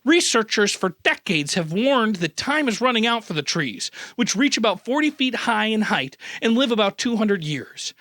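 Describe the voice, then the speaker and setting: A man's voice: high-pitched, sing-song, normal speed, few pauses, a bit bright, no room sound, clean studio sound. A man from the Midwest hosting a comedic news roundup, sarcastic and full of mock-outraged asides. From American Midwest. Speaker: news host.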